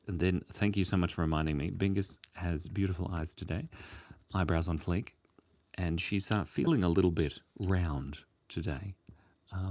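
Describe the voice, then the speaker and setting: Giggly low-voiced man drawing live. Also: a little mellow, no room sound. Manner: playful, giggly, rambling. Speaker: streamer drawing for chat. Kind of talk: casual live-stream drawing chat.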